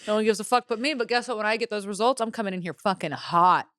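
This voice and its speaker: A woman's voice: medium pitch, fast talker, fairly bright tone. A young woman co-hosting a podcast in casual chat, blunt and jokey with lots of swearing. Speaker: podcast co-host.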